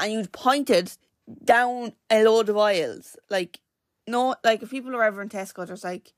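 A woman's voice: mid-range voice, normal speed, no room sound, clean studio sound. A young Irish woman hosting her own podcast, rambling through a story with lots of "like" and self-corrections. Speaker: podcast host. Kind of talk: casual chatty storytelling.

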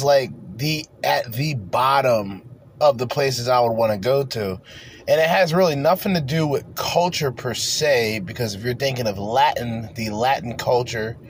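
A man's voice: medium pitch, a little hiss or hum. A man co-hosting a podcast, talking in a loose, profane, rambling way in casual chat. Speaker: podcast co-host.

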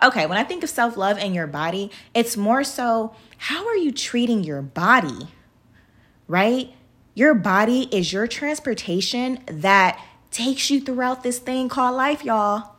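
A woman in her thirties hosts a podcast, her voice fairly high with a fairly bright tone. She talks casually and motivationally, chatty and laughing often, calling her listeners y'all.

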